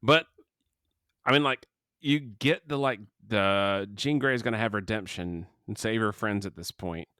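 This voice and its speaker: A man's voice: fairly low pitch, a little slow, bright, forceful tone, clear, resonant tone, no room sound, studio quality. A man co-hosting a podcast, chatting casually about a movie, rambling and restarting his sentences, with the hiccups. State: has the hiccups. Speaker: podcast co-host. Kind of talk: casual movie review chat.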